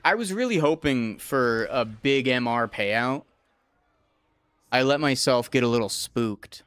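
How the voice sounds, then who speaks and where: A young man rambles through a game stream in a relaxed, profane way and drifts from topic to topic. His voice sits at an average pitch. The sound is close and dry, with no room echo. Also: unhurried, clean tone. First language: English. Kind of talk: casual gameplay commentary.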